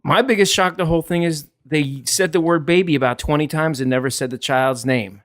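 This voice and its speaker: A man's voice: on the high side, fairly quick, no room sound, studio quality. A man hosting a casual talk show, wry and joking, often breaking into laughter. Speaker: host. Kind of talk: casual commentary.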